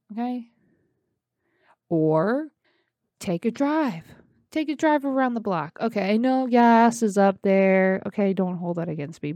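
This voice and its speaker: A woman's voice: mid-range voice, a little mellow, no echo, clean studio sound. A woman in her thirties talking casually and encouragingly, speaking straight to her listeners. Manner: chatty, encouraging, addresses listeners directly. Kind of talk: casual self-care talk.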